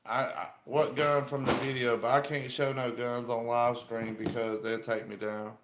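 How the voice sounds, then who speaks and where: A man's voice: medium pitch, little pitch movement, moderate pace. A man chatting loosely with viewers on a live stream, often repeating himself. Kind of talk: casual live stream chat. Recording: echoey room, faint noise.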